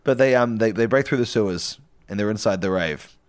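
A man's voice: on the low side, brisk, clean tone. A man co-hosting a comedy podcast, retelling a film plot in a rambling way and laughing into his own sentences. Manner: rambling, laughs mid-sentence, frequent restarts. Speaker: podcast co-host.

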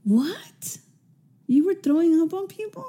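Woman co-host, high and animated voice with a mellow tone, quick reactive questions. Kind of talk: casual chat.

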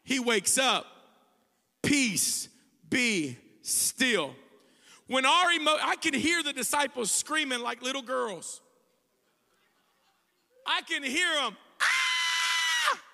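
A man preaching a sermon as pastor, telling the story with lively acted-out voices and building to shouted proclamations. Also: very high voice, slow, vocal fry, long pauses. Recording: echoey hall.

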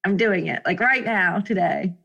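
A woman's voice: medium pitch, moderate pace, vocal fry, a bit bright, muffled recording. A woman hosting a solo motivational podcast, talking in an effusive, emotional way with frequent laughter and repeated exclamations. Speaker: podcast host.

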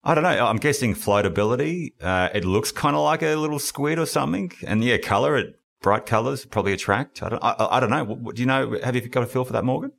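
A man's voice: mid-range voice, quick pace, creaky, few pauses, fairly bright tone. A man hosting a casual podcast interview, talking in a rambling, enthusiastic way and often correcting himself mid-sentence. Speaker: podcast host.

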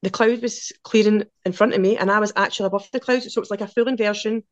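Fast-talking Glaswegian woman in her forties. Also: mid-range voice, no echo, muffled recording. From Scotland. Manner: lively and chatty, quick run-on anecdotes. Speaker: podcast guest. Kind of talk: casual storytelling.

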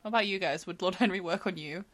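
A woman chatting casually with friends on a podcast, playful and teasing. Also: on the low side. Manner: playful, teasing, quick to laugh. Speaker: podcast co-host. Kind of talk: casual chat.

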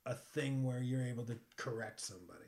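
A man's voice: medium pitch, fast, a crowd in the background. A man, a comedian, telling stories in casual podcast chat, swearing freely with laughing asides. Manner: profane, storytelling, laughing asides.

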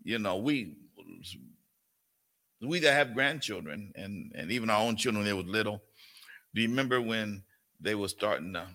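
Fairly low in pitch, the voice of this older male pastor comes across pushed and bright. His Bible study sermon is folksy; he addresses listeners directly and adopts a cooing, grandparent-like tone.

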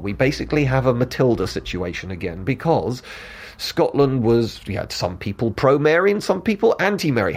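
A man talking casually as a history commentator, chatty and digressive, with quick asides. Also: mid-range voice.

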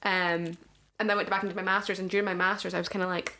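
A woman's voice: medium pitch, little pitch movement, rapid-fire, background noise. A woman in her thirties, chatting casually as a podcast co-host and telling a story with lots of fillers. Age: 30s. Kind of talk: casual chat.

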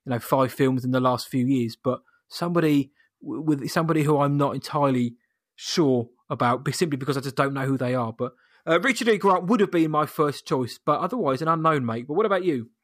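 A man co-hosting a casual chat in a measured, thoughtful way with dry humor. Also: medium pitch, dry recording. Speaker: podcast co-host.

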